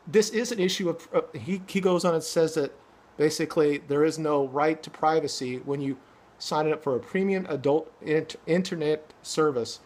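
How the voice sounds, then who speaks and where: A man's voice: on the high side, darkish tone. A middle-aged man ranting angrily to his viewers, swearing often and stumbling over restarts. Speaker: vlogger. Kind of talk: angry opinion rant to camera.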